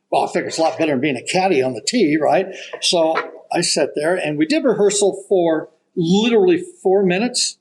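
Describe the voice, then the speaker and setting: An older man, a golf broadcaster guesting on a podcast, telling an animated story and acting out the voices of the people in it. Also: on the high side, moderate pace, low-quality recording. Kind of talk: storytelling anecdote.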